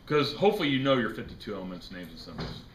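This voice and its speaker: A man's voice: lowish voice, big pitch swings, racing. A man teaching a chemistry class, lecturing casually, joking and quizzing his students. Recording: echoey classroom with faint noise.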